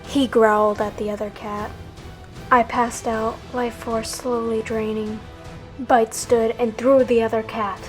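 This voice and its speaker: A woman narrating a dramatic animal battle story, with animated delivery that bursts out on the quoted lines. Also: fairly high pitch, a little slow. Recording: music faintly behind.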